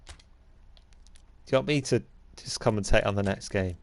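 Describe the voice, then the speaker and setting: A man co-commentating on a football game, making dry, deadpan asides. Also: lowish voice, moderate pace.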